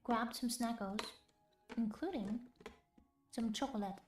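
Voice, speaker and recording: A woman streamer speaking softly in a whispered role-play, chatting to her viewers with giggles between words. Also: fairly high pitch, a little slow. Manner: soft whispered chat, giggly, chats with viewers. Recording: roomy with faint music.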